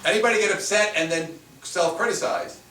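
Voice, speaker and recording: A man, a spiritual teacher, giving a lively workshop talk and asking the audience questions. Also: sits high, fairly quick. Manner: animated, playful, asks the audience questions. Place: room with a small audience. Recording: roomy, mic at a distance, faint noise.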